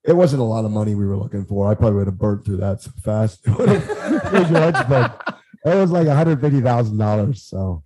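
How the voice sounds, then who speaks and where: A man guesting on a podcast, telling stories in a lively, rambling way and acting out what others said. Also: lowish voice, brisk, rough recording. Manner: animated, acts out quotes, frequent restarts. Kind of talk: casual storytelling chat.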